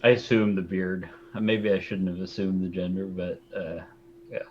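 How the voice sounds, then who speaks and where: A man's voice: low-pitched, fairly even intonation, normal speed, lo-fi sound, a little hiss or hum. A man playing a tabletop game, easygoing and laughing often. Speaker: player.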